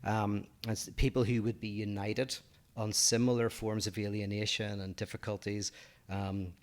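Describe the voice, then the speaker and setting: A man with a low voice talks through ideas on a podcast. He hesitates often and fills the gaps with soft fillers as he works out each thought. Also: level tone, moderate pace. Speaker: podcast co-host. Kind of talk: casual discussion of politics and philosophy.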